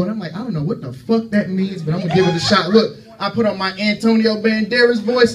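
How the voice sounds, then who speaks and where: A man in his thirties doing a loud, brash, profane stand-up set to a club crowd. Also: sits high, quick pace, few pauses, recorded from a distance, over music. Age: 30s. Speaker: stand-up comedian. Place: comedy club stage.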